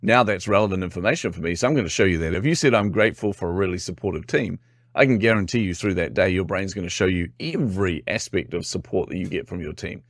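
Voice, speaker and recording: Kiwi-accented man with a low voice. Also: fast talker, hardly any pauses, no echo, clean studio sound. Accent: New Zealand. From New Zealand. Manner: animated storyteller, acts out quotes, laughs often. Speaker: guest. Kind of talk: casual interview chat.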